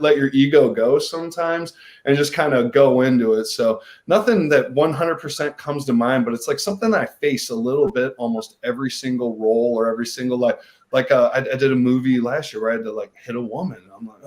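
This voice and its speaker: A man from Missouri, an actor, speaking as a guest on a panel. He talks in halting bursts with frequent restarts. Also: mid-range voice. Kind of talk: panel discussion.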